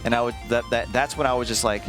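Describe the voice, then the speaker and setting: A man streaming, telling a story casually to his chat in an animated, profane way, acting out the lines he quotes. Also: mid-range voice, fast talker, over music.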